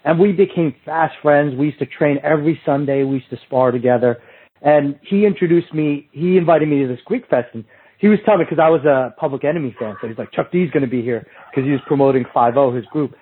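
A man's voice: a little high, fast, breathy edge. A middle-aged man, a podcast guest, telling long rambling stories in casual chat, restarting sentences and acting out quoted lines. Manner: rambling, restarts often, slips into quoted street talk. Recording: tinny phone-like remote line.

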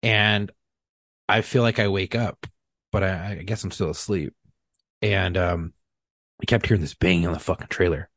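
A man's voice: sits low, fairly even intonation, moderate pace, pauses often, fairly bright tone, dry recording. A middle-aged man telling a rambling, profanity-laced story in casual podcast chat. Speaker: podcast co-host.

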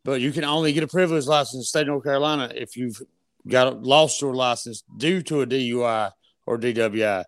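A man's voice: mid-range voice, fast talker, no echo. Guy rambling on a podcast, cussing, mid voice, dry close mic. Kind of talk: casual podcast chat.

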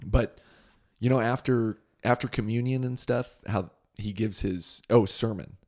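A man's voice: fairly low pitch, measured pace, a little mellow. A young man hosting a podcast, asking his mother questions in a casual chat and laughing easily. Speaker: podcast host.

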